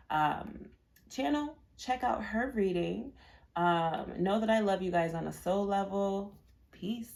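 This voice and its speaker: A woman's voice: deep voice, gravelly, darkish tone. A woman giving a casual pick-a-card tarot reading in a chatty, rambling way, full of fillers and repeated words. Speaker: tarot reader.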